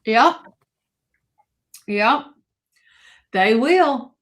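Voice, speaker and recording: High-voiced woman hosting a live sale. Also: lively intonation, very slow, a bit bright. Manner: cheerful, laughing, explaining the sale rules. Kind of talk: live-stream auction chat.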